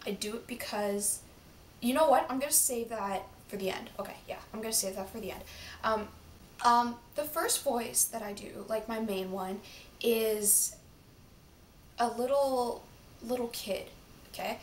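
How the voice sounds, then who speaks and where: A woman's voice: a little high, unhurried, a little hiss or hum. A teenage girl chatting casually to camera for her vlog, rambling along with many fillers. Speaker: vlogger. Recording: roomy, from a distance.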